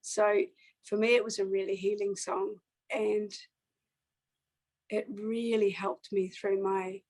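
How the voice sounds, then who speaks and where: A woman's voice: mid-range voice, flat delivery, a little mellow, rough recording. Earnest woman telling a personal story. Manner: reflective and earnest, with many pauses and fillers. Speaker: singer-songwriter guest.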